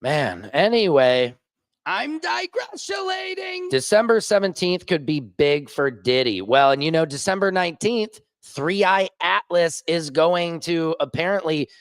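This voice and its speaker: A man talking straight to camera in a loose, animated rant, with a fairly high voice. His delivery jumps from excited, raised bursts to quick low asides. The sound is close and dry. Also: clean tone, no room sound. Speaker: independent online journalist. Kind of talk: casual vlog rant. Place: rooftop.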